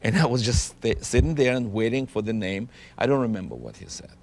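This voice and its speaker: A man from Ukraine, telling his life story in an interview in an earnest, halting way, often restarting his sentences. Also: mid-range voice, gravelly, darkish tone. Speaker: interviewee giving a testimony. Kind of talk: personal testimony interview.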